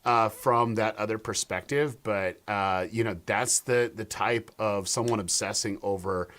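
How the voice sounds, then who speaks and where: Low-voiced guy on a video call, fillers everywhere, gets animated telling stories. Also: a little slow. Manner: animated storyteller, many fillers and restarts. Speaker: guest YouTube strategist. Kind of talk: live stream discussion.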